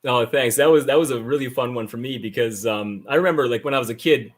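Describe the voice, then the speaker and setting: A man's voice: mid-range voice, fast talker. Modest man podcast guest. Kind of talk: casual chat.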